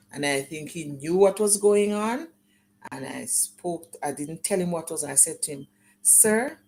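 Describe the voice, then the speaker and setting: Low-voiced woman telling her testimony. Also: darkish tone, slight background noise. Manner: earnest, emotional storytelling, acting out remembered dialogue. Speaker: guest sharing her life story. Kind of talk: personal testimony in an interview.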